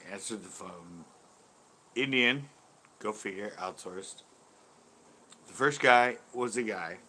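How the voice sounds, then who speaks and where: A man's voice: lowish voice, bright, forceful tone. A man in his fifties hosts his channel with a casual, rambling story. He talks animatedly, laughs often and swears freely. A faint hum of noise sits behind him. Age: 50s. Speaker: host.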